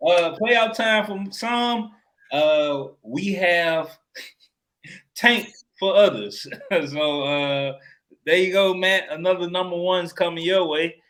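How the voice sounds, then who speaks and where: A man runs a casual sports chat with a fairly high voice. He swears freely and jokes between points. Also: slow, fairly bright tone. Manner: profane, joking, laughs often. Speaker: podcast co-host.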